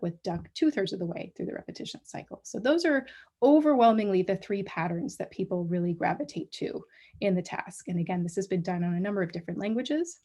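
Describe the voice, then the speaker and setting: A woman's voice: mid-range voice, brisk, darkish tone. A woman giving an academic colloquium talk, explaining step by step with frequent ums and restarts. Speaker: guest lecturer. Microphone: livestream talk mic.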